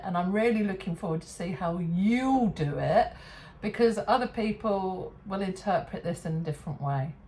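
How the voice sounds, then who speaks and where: An English woman hosting a relaxed kitchen demonstration, chatty and self-deprecating, often laughing at herself. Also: medium pitch, slight background noise. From England. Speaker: cooking show host. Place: home kitchen.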